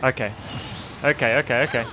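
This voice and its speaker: Excitable gamer, bright voice. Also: male voice, mid-range voice, brisk, faint music behind. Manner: excitable, reacting loudly to plays. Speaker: gaming streamer. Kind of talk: live gameplay commentary.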